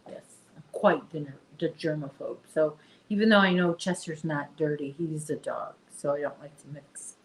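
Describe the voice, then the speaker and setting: A woman chats her way through a relaxed crochet livestream. She talks slowly and rambles from one thought to the next, addressing her viewers directly. Her voice sits on the low side. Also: slight background noise, rough recording. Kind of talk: casual livestream chat.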